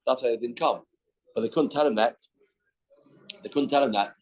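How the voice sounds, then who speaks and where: A Canadian Talmud teacher leads a daily class in a study hall, reading the text aloud and explaining it in English while acting out its dialogue. He speaks at a normal speed in a mid-range, darkish voice.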